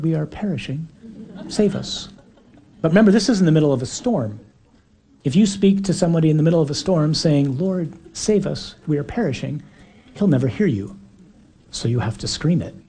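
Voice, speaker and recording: A man's voice: on the high side, warm tone, breathy edge. A man preaching a sermon in an earnest, emphatic way, sometimes acting out quoted voices.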